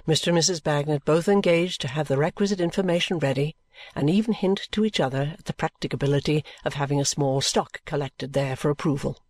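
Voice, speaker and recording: A male audiobook narrator reading a classic novel in an even, measured storytelling manner. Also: a little high, no echo.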